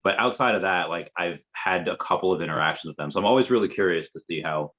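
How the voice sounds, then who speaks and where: A man's voice: deep voice, quick pace, a bit bright. A man talking as an interview guest, chatty and rambling, with lots of fillers. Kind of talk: casual conversation. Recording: muffled lo-fi audio.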